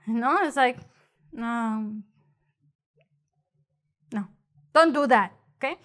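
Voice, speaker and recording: A woman with a Mexican accent gives a loose, chatty Spanish lesson in English, speaking slowly in a high voice. She stays animated, acting out the phrases she explains with mocking, exaggerated voices.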